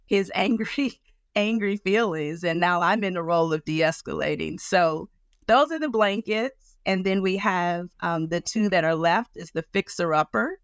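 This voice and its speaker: A woman counselor speaking in a conversational interview, animated and acting out other people's reactions as she explains. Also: on the low side, unhurried, dry recording. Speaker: guest counselor.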